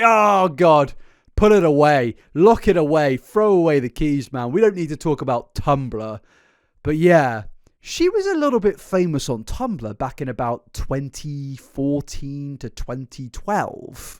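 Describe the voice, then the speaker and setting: Lively laughing commentary host, man. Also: on the high side, dry recording, clean studio sound. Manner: animated, laughing, stumbling restarts. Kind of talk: commentary narration.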